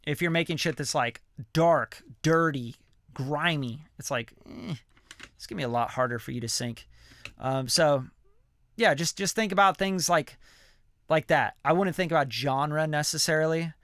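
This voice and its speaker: Bright, crisp-voiced man talking loosely. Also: on the high side, moderate pace, no room sound. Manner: loose and chatty, full of fillers and slang, swears casually. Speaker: music producer mentoring viewers. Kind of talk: casual livestream Q&A.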